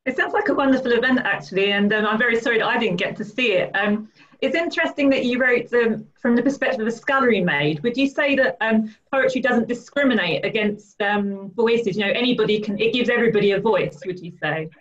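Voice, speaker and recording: A woman interviewer putting questions with hesitant ums. She sounds distant from the mic, her slightly high voice coming through dull and muffled. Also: fairly quick, fairly bright tone.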